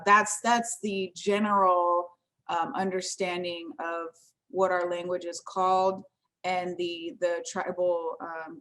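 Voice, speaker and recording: A woman giving an informal presentation over a shared screen, talking casually with frequent fillers and restarts. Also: lowish voice. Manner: conversational, many fillers and restarts. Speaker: tribal language program presenter.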